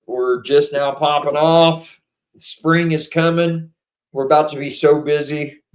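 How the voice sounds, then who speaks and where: A chatty man talking casually with viewers during a livestream, his voice pitched a little above the usual male range. He rambles loosely and jumps into sudden animated bursts, and he sounds a bit under the weather. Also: slow pace. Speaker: livestream co-host.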